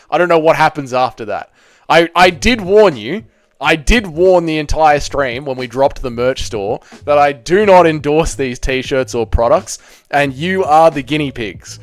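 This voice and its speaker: A man's voice: a little high, smooth, no room sound. A young man hosting a casual livestream, reading chat comments aloud with profane, self-mocking banter. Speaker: livestream host.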